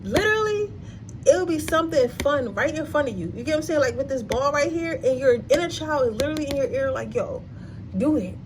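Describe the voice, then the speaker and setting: Brief: young female tarot reader, high pitch, blunt and slangy, noisy recording. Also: fast. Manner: blunt, profane, slangy, animated. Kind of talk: casual pick-a-card tarot reading.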